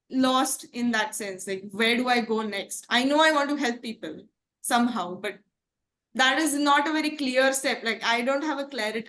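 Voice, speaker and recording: A young woman from India speaks in a slightly high voice, earnest and thoughtful. She tells her experience as a reflective testimonial, pausing often with small fillers. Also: fairly bright tone. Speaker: coaching course graduate giving a testimonial.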